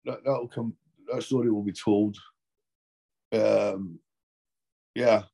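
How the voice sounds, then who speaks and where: A man's voice: lowish voice, steady tone, takes it slowly, vocal fry, dark tone. A Scottish man chatting as an actor guest in an interview, rambling and often restarting his sentences. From Scotland. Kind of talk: casual interview chat.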